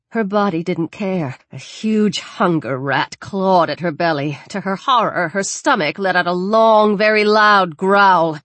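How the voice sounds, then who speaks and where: A woman reading a horror story aloud in a measured, dramatic narrating style. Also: mid-range voice, fairly bright tone, no echo. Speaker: audiobook narrator.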